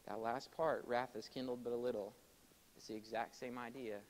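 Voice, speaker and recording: A man preaching a sermon to his congregation in a church, swinging between loud, emphatic exhortation and quiet explanation, and calling for amens. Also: medium pitch, steady tone, moderate pace, poor audio. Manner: addresses congregation directly, calls for amens. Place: church sanctuary.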